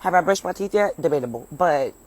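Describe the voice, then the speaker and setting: A young woman from the US, a comedian, rambles through a story on a phone livestream at arm's length from home, partly outside, swearing freely and breaking off to talk with viewers. Her low voice is expressive and fairly quick, and the recording is low quality.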